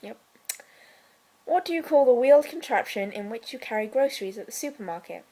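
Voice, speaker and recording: A young woman from South Wales with a Welsh accent, chatting casually through a question list with deadpan, dry humour and quiet whispered asides. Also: on the high side, brisk, low-quality recording. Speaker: vlogger. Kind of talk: casual chat.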